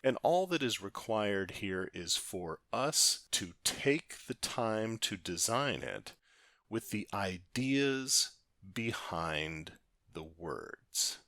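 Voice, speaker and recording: A man's voice: on the low side, pushed and bright, no echo, clean studio sound. A man teaching a design lesson, walking through a slide exercise and stressing words in turn. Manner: deliberate, shifting emphasis on words. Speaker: design instructor. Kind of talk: recorded lecture walkthrough.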